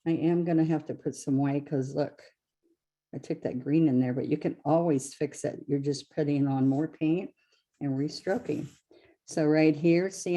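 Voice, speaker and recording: A woman with a deep, dark-toned voice teaches a live painting class, explaining each step chattily. She often corrects herself as she demonstrates the craft.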